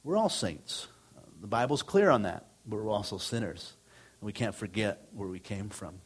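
A middle-aged man, a pastor, preaching a sermon in a conversational way, rising on emphatic lines and dropping low on asides. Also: normal speed, slightly rough.

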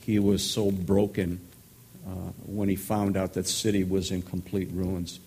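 A man's voice: deep voice, level tone, unhurried, mellow, slight background noise. A man pastor teaching a sermon-style Bible study in an earnest, thoughtful way.

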